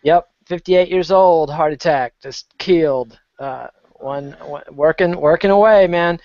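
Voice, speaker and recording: A man's voice: a little high, unhurried. A man co-hosting a casual talk show, trading wry, profane banter. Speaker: podcast co-host. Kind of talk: casual chat. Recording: dry, dull lo-fi sound.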